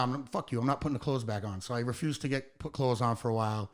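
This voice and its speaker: A man's voice: medium pitch, very fast. An American man telling a wild tour story in a casual podcast chat, swearing freely and acting out the lines of everyone involved. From United States. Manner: animated, profane storytelling with acted-out quotes. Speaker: podcast guest, hardcore band singer.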